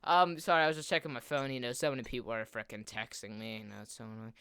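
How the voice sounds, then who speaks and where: A man's voice: medium pitch, lively intonation, quick pace, sharp tone, clean tone, no room sound, clean studio sound, voice pushed down. A teenage boy mimicking a boastful schoolmate who brags and makes excuses. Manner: bragging, offhand.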